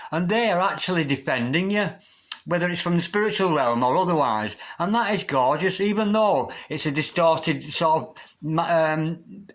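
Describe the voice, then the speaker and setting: A man with a fairly high voice reads tarot cards aloud. He talks gently and gushes over the cards, then sinks into a low repeated chant to call on the spirits. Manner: gentle, gushing, repeats invocations in a lowered chant. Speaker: tarot reader. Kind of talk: tarot reading with spoken invocations.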